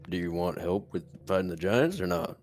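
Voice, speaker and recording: A man's voice: sits low, expressive, moderate pace, a little mellow, soft background music. A man playing his character in a tabletop game, plainspoken and joking. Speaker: player.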